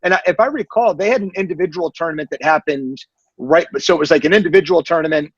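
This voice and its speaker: A man hosting a podcast, asking a guest questions in a relaxed conversational way. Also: fairly high pitch, quick pace, slightly rough, no room sound. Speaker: podcast host. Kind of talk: casual interview questions. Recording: dry, muffled lo-fi podcast audio.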